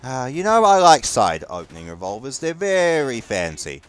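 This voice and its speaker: A man's voice: mid-range voice, wildly swooping pitch, normal speed, smooth. A man with a New Zealand accent giving casual, profane commentary over a war game, grumbling wryly at his teammates. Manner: grumbling, profane, wry running banter. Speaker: gameplay commentator.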